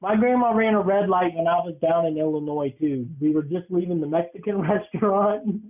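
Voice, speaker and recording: Young male podcast host, playful teaser, higher voice, phone-quality audio. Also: fairly quick. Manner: teasing, joking storyteller. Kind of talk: casual podcast chat. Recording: tinny phone-like sound.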